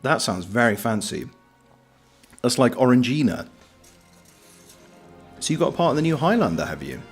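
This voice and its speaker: A man's voice: mid-range voice, sing-song, normal speed, slightly rough, soft background music. A British man streaming, chatting casually and reading out viewer comments in a joking, self-deprecating, rambling way. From Britain.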